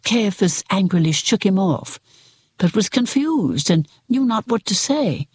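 Husky-voiced reader narrating scripture. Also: medium pitch, sing-song, measured pace, dry recording. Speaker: audiobook reader. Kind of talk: scripted narration of a religious book.

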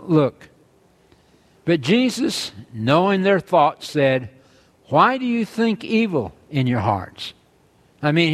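A man preaching a sermon, earnestly reading scripture aloud and driving his points home with emphasis. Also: on the high side.

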